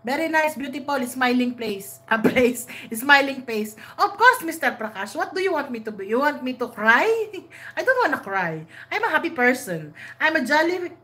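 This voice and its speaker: Giggly, bright-voiced Filipino woman. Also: high-pitched, big pitch swings, normal speed. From Philippines. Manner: giggly, playful, switching between English and Tagalog. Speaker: live-stream host. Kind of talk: casual live-stream chat.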